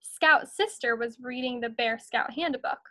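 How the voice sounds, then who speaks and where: Teacher lady reading a storybook to her class, high voice, encouraging. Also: unhurried, fairly bright tone. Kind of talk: reading a picture book aloud to students.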